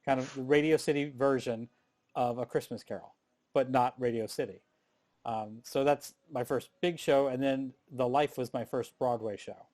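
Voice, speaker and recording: A man's voice: medium pitch, moderate pace. Man telling career stories on a panel. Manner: animated storyteller, frequent restarts. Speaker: panel guest, performer. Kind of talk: casual storytelling on a panel.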